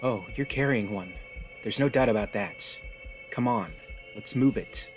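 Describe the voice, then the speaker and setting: A man's voice: on the low side, a little slow, music in the background, natural voice. A man voicing a tough, jaded young woman stranded on an alien world, speaking bluntly and wearily. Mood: tense. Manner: blunt, weary, resigned.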